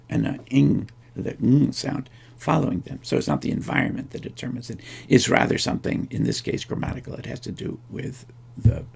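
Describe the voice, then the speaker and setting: A man's voice: mid-range voice, creaky, a little mellow, husky. A man giving a recorded linguistics lecture, thinking aloud with frequent restarts and fillers.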